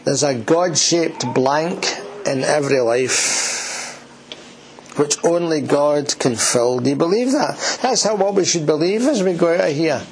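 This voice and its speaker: A man's voice: a little high, expressive, measured pace, a little hiss or hum, poor audio. A man preaching a sermon in church, earnest and emphatic, who repeats key words and asks his listeners questions.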